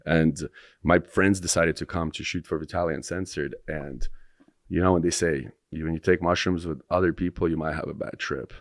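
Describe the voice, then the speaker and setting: Deep voiced guy rambling thru a crazy story on a podcast, dry close sound. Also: steady tone, moderate pace, dry recording. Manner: rambling, breathless retelling with restarts. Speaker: podcast guest. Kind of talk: casual storytelling.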